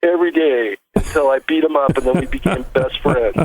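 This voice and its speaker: A man calling in to a show and telling a long story in a halting, rambling way, full of restarts. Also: mid-range voice. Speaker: caller. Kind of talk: casual call-in storytelling. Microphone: phone. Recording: tinny dry phone line.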